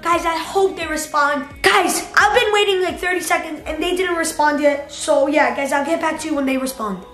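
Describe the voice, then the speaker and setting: A child YouTuber in an excited vlog, hyped and breathless, constantly saying "guys" and "oh my God". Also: sits high, normal speed, few pauses. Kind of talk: excited vlog with a screen-recorded texting prank. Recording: roomy echo with faint background music.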